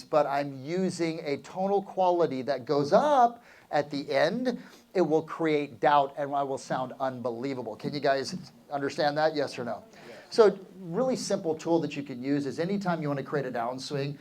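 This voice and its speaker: A middle-aged man leads a live seminar with real estate agents, speaking in an energetic coaching tone. He keeps turning to the crowd with quick questions and calls for answers. His voice sits a little higher than most men's. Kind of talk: live seminar talk to an audience.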